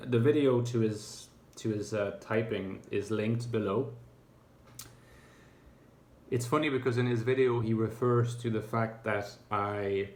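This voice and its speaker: A man talking to camera in a reflective, casual monologue, thoughtful and hesitant, with many fillers and restarts. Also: lowish voice. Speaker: YouTuber. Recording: echoey room.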